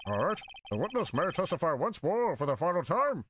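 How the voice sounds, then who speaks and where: Guy doing a fussy old judge, kinda high, voice jumps around a lot. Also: very animated, fairly quick, slight background noise. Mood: formal.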